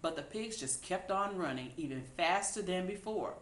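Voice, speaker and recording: A woman reading a children's picture book aloud in an unhurried, expressive way. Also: on the low side. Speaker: storybook reader. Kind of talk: children's read-aloud narration. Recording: echoey room.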